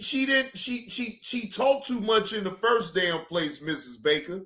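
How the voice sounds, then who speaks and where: A man with a high, bright voice hosts a reaction stream. He talks in an unhurried way and scolds the people on screen with blunt, profane remarks. He often gets loud and animated. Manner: animated, shouting at times. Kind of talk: casual reaction commentary.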